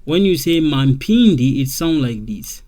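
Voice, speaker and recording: A man whose first language is French, teaching a language lesson and repeating each point slowly with many okays. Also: medium pitch, animated, warm tone. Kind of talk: slow explanatory lesson.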